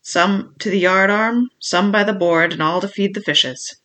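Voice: mid-range voice, a little slow, bright, forceful tone. A reader voicing a scheming old male pirate cook who roars commands in sailor's slang, in an audiobook. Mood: blustering. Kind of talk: audiobook reading.

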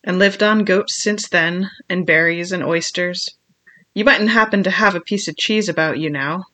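A ragged old castaway man, half-crazed from years alone, as a storyteller puts him on. He drawls slowly in rough sailor speech, his voice bright and a touch lifted. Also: medium pitch, lightly acted. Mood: wistful.

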